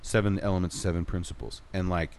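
A man's voice: sits low, fast talker, a little mellow. A man co-hosting a podcast, opinionated and questioning, often restarting his sentences. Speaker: podcast co-host. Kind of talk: casual chat.

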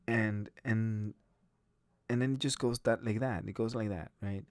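A man's voice: lowish voice, fairly even intonation, measured pace, no echo. Guy ranting on his own podcast, swears a lot, keeps restarting sentences, dry close sound. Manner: rambling, blunt and profane, many restarts. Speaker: podcast host. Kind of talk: casual solo podcast monologue.

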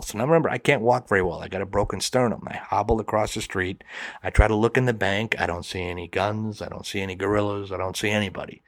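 Low-voiced man telling a wild story. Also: no echo. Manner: animated, acts out the quoted voices. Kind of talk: personal story told to a listener.

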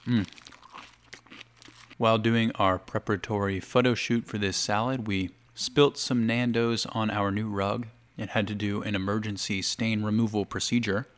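Chatty man vlogging while eating, low voice. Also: fairly even intonation, moderate pace. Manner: chatty, talks between bites of food. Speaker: video blogger. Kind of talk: casual chat to camera.

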